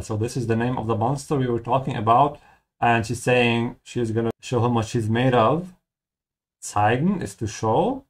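A man teaches German using dialogue from a game, explaining each line in a friendly way and slowly repeating the key words. His voice is mid-range.

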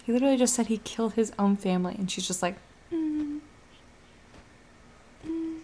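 A woman casually commenting on her own game playthrough, chatty, profane, and quick to mock the characters. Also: mid-range voice, mellow, a little hiss or hum. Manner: chatty, swearing, laughing, voices characters mockingly. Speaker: let's play gamer.

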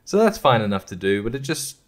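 A man's voice: mid-range voice, very animated, fast. A man hosting his own podcast in casual solo chat, rambling, swearing freely and laughing often. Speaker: podcast host.

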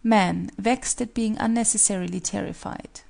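A woman reads the stage directions of a play aloud, calm and measured. Her voice carries a gravelly, creaky texture, and her pitch sits mid-range. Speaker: narrator. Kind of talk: audiobook stage-direction reading.

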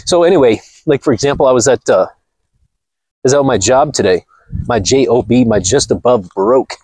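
A man rambles bluntly to his camera in a casual monologue, swearing as he goes. His voice is a little husky, with a lively rise and fall. It sounds dry and close, with no room echo. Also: medium pitch. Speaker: channel host.

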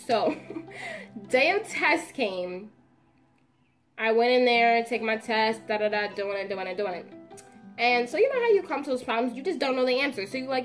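A young adult woman telling a casual storytime vlog in a dramatic, animated way, full of slangy asides. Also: fairly high pitch. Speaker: vlogger.

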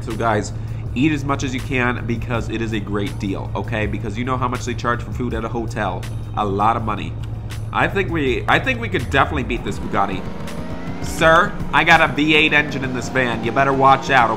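A man narrating a game roleplay as an excited family dad, bossing his kids and scolding strangers. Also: mid-range voice.

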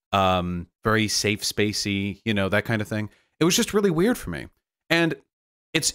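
A man giving heated livestream commentary, animated and mocking, with frequent fillers. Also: mid-range voice. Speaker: streamer.

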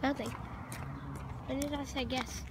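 A woman's voice: high voice, steady tone, a little slow. A woman vlogging outdoors in casual chat, playful and talkative, filming with a handheld camera on a street. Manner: chatty, playful, jumps between loud and hushed. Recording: loud outdoor street noise, traffic. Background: traffic and street noise.

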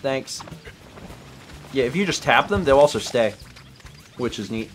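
A man streaming a co-op game, chatting casually with excitable, joking bursts. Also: medium pitch, unhurried, faint music behind. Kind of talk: casual co-op gameplay chat.

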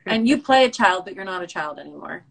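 A woman's voice: fairly low pitch, animated, quick pace, vocal fry. A woman in her thirties hosting a casual Instagram live chat on her phone, chatty and rambling, laughing often. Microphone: phone livestream.

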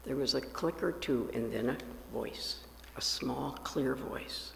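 A male pastor telling a story during a sermon, raising his pitch when he quotes the characters. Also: gravelly, fairly bright tone, long reverb tail, slight background noise. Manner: slow, lifts his pitch for quoted voices. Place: church sanctuary.

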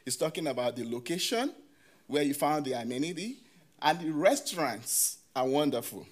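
This man, pitched slightly high and animated, is presenting research at an academic conference. He talks in fits and starts, peppered with "you know," and keeps asking the audience questions.

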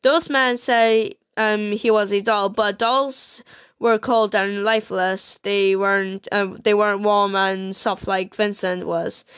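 A woman's voice: mid-range voice, fairly even intonation, a bit bright, clean tone, no room sound. A woman reading a romance visual novel aloud, stumbling and restarting words often. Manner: halting, with frequent fillers and restarts on words.

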